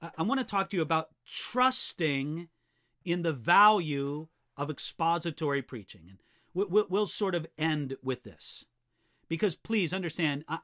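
A man's voice: high voice, a bit bright. A man giving an earnest, direct teaching talk to preachers and Bible teachers, often repeating a word as he starts a sentence. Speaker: preaching instructor.

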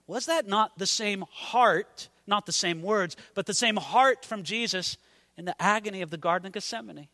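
A man's voice: high-pitched, expressive, normal speed, sharp tone, long reverb tail. A man preaching a sermon with passion, his voice swelling and dropping for emphasis.

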